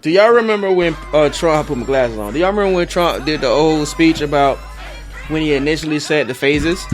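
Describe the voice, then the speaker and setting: Animated slangy male co-host. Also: fairly high pitch, brisk, soft background music. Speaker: radio show co-host. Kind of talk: casual profane chat.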